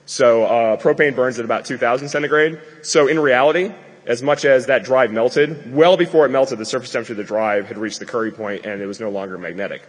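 A man's voice: mid-range voice, fairly quick, breathy edge, big-room sound. A man giving a live conference talk to an audience, rambling and joking with many fillers. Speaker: conference speaker. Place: lecture hall with an audience.

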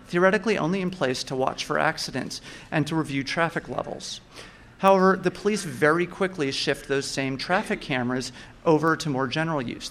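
Man, slightly high voice, measured explanatory talk, faint ambient hum behind. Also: fairly bright tone. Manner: measured, explaining with fillers and restarts. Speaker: speaker giving a talk.

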